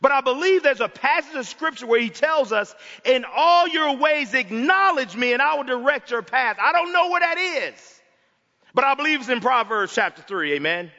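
A man preaching a passionate sermon in a church, swinging between loud cries and hushed, quiet lines. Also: extremely high pitch, lively intonation, normal speed. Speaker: pastor. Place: church sanctuary. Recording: dull sound with long hall reverb.

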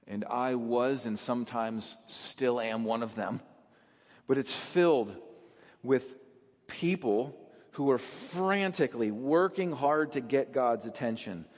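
A man preaching a sermon in an emphatic way, often letting his voice sink low and quiet. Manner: emphatic, with sudden drops in pitch and volume. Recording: dull recording with long hall reverb.

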